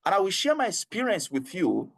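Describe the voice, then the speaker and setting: A man's voice: sits high, wildly swooping pitch, a little fast, gravelly. Earnest Nigerian man leading an HR training. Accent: Nigerian English. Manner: earnest, repetitive and coaxing, with frequent laughs. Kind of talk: online training session.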